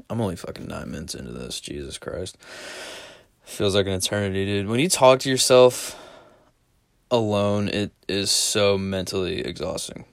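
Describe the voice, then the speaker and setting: A man's voice: on the low side, clean tone, dry recording, clean studio sound. A young man telling crude, self-deprecating stories in a casual solo podcast, rambling and laughing. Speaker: solo podcaster and store clerk.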